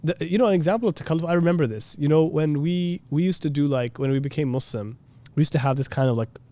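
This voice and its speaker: Mellow-voiced man teaching casually. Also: fast talker. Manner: chatty, heavy with fillers like "you know" and "like"; mimics preachers in a pitched-up voice. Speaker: Islamic teacher. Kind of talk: casual classroom lecture.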